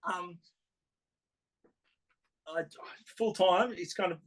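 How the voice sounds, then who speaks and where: A man's voice: high voice, extremely slow, rough recording. A man, a tattoo artist chatting casually, rambling with lots of fillers and laughs. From Australia. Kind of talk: casual chat. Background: dog barking.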